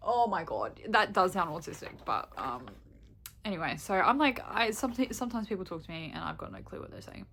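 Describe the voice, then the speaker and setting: A woman's voice: on the low side, expressive, fairly quick, a bit bright. A young woman vlogging in casual chat, candid and rambling, swearing freely and laughing often.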